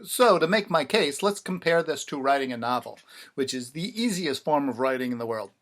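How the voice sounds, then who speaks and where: This songwriter vlogger has a medium-pitched, slightly bright voice and talks briskly and with energy. Addressing the camera casually in his self-filmed video, he jokes sarcastically about lyric writing, repeating lines for mock-dramatic effect.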